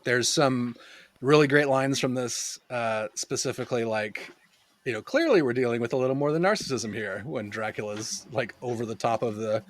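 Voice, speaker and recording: A man's voice: medium pitch, moderate pace. A young man co-hosting a podcast, casually reviewing a film with lots of laughter and quoted lines. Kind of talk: casual movie review chat.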